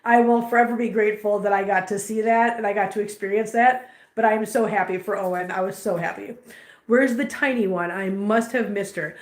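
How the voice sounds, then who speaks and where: A woman's voice: medium pitch, steady tone, brisk. A woman vlogger who runs a cat rescue, telling a story to her viewers in casual, emotional, chatty talk from an indoor cat room. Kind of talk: casual live-stream chat to viewers. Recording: echoey room with faint ambient noise.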